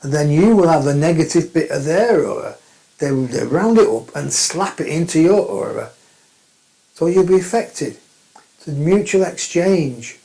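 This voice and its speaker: Casting: male spiritual teacher, direct and emphatic, repeats his points, mellow tone. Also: on the high side, lively intonation, moderate pace, vocal fry, low-quality recording. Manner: plain-spoken, emphatic, repeats phrases. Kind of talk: spiritual talk to camera.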